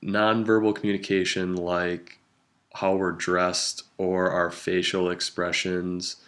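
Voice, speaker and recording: A young man giving a class presentation, speaking slowly and hesitantly with frequent ums. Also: low voice, level tone, fairly bright tone. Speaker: student presenter.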